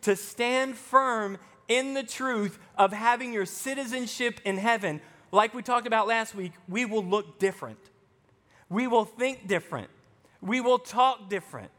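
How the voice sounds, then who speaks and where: A pastor from Arkansas with a light Southern accent, preaching a sermon in a conversational way with joking asides. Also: male voice, high-pitched, unhurried, fairly bright tone, in a large hall.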